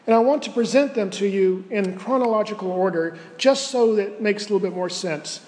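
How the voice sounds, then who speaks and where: A man with a notably high voice delivers a sermon from the pulpit. He is earnest and measured and slows down on points of emphasis. His words ring out with a long hall reverb. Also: a little mellow. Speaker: pastor.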